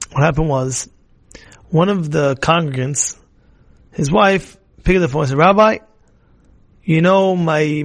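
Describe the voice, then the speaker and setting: High, gravelly-voiced rabbi giving a lively lesson. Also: male voice. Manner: animated, acts out scolding voices, many restarts. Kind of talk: Torah lesson.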